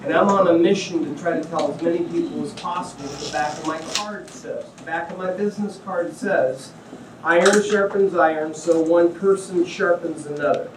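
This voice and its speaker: A middle-aged man from Ohio tells his life story to a small gathering, slipping into voices for the people in it and joking along the way. His voice sits a bit high for a man. He sounds set back from the mic in a small room that echoes. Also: moderate pace, far from the mic, background noise. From Ohio, USA. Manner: animated storyteller, acts out quotes, jokey asides. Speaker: guest speaker. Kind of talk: testimony talk to a small audience.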